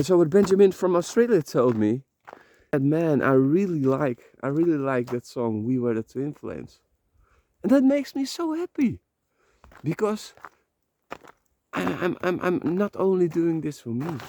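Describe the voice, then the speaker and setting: A man's voice: fairly high pitch, warm tone, slight background noise. Man vlogging while walking outdoors. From Netherlands. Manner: rambling, heartfelt, swears casually. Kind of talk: emotional motivational monologue. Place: outdoors, walking on a slippery path.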